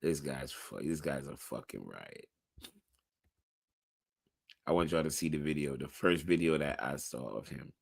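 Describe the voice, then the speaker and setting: A man's voice: very deep voice, lively intonation, measured pace, vocal fry, pauses often, no echo, clean studio sound. A man hosting a reaction video, chatting casually and profanely to his viewers with laid-back asides.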